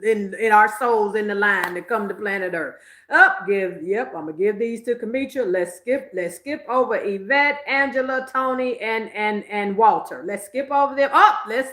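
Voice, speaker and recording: A woman, hosting a casual livestream. She talks in an animated, emphatic way and laughs often, at a middling pitch. Her voice bounces in a roomy, echoey space. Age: 50s. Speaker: psychic livestream host.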